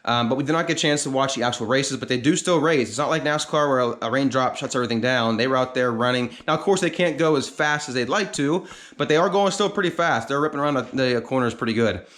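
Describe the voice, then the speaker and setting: A man's voice: medium pitch, fast, fairly bright tone. A man chatting casually to camera as a vlog host, rambling with lots of fillers. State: out of breath. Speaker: channel host. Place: outdoors on top of a gorge.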